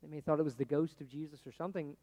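A man preaching a sermon in a conversational way, swinging between loud, pressing lines and hushed, quiet ones. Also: a little high, steady tone, rapid-fire, long reverb tail, highs cut off. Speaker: pastor.

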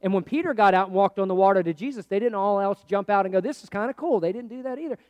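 High-voiced male preacher in an echoey hall. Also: racing, clear, resonant tone, muffled recording. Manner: conversational preaching, swinging from loud to hushed. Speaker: pastor. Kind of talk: sermon.

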